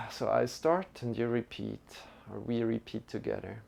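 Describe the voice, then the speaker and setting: A man teaching a beginner yoga and meditation lesson as a live stream, talking in a relaxed, chatty way with many fillers. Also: mid-range voice, measured pace, gravelly. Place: home room.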